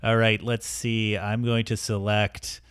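A man's voice: on the low side, little pitch movement, unhurried, a bit bright, smooth. A man co-hosting a podcast, talking casually about music with frequent ums and restarts. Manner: hesitant, many ums and restarts. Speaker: podcast co-host. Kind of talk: casual chat.

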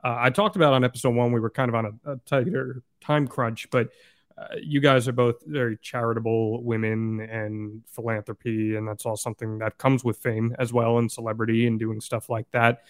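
Steady man hosting a podcast. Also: mid-range voice, fairly quick, no echo, clean studio sound. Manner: steady, guiding questions with filler "uh". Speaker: podcast host. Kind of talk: casual interview.

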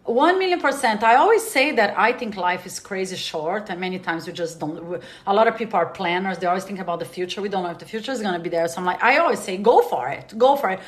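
A woman's voice: medium pitch, expressive, fast, hardly any pauses. A woman hosting a podcast, chatting casually and enthusiastically with her guest. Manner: enthusiastic, laughs along. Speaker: podcast host. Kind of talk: casual interview chat.

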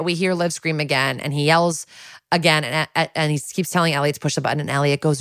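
A woman's voice: low-pitched, brisk, no echo, studio quality. A woman co-hosting a podcast, casually recapping a TV episode and acting out the lines in quotes with wry asides. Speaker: podcast co-host.

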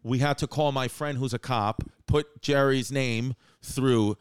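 A man hosts a casual chat, telling stories animatedly and acting out what people said. His mid-range voice is smooth and unhurried, recorded with no echo.

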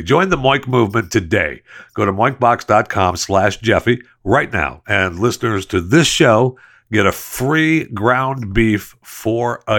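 A man's voice: on the low side, a bit bright. A man hosting a talk show, reading an ad in a loose, jokey way and then talking sports news. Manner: loose, jokey, playful asides. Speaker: podcast host. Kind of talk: casual sports talk with host-read ad.

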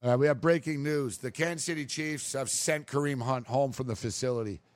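A man co-hosting a sports talk show, ranting in a casual, animated way. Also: medium pitch, no room sound. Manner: ranting, animated, quick asides. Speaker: sports podcast co-host.

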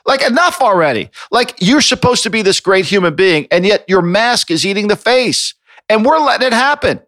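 A podcast co-host with a high, fairly bright voice and lively intonation rants about sports at a moderate pace, exasperated and swearing freely. The sound is clean studio quality with no echo.

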